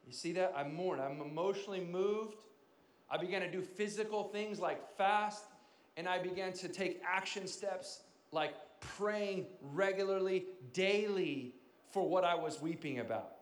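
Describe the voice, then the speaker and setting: A man with a high voice delivers a sermon in a dynamic preaching style, building to loud emphatic peaks and dropping to hushed, quiet moments. His voice carries with a roomy echo, as if from a church hall. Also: measured pace. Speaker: pastor.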